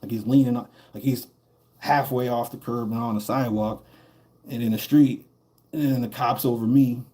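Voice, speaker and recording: A man's voice: medium pitch, steady tone, normal speed, dark tone. A man streaming a game while telling a story in a casual, profane, rambling way, laughing between lines.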